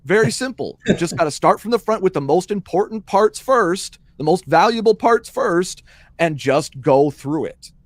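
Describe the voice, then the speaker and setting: Co-host type: a man with a higher voice, swears freely, blunt and animated, close dry mic. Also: normal speed, dry recording. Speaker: podcast co-host. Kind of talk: casual panel chat.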